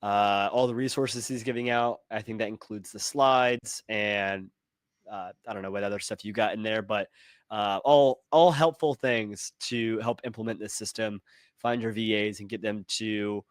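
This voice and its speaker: A man's voice: lowish voice, steady tone, moderate pace, dry recording. A man co-hosting an online call, chatty and hesitant with many filler sounds. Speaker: webinar co-host. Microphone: video call.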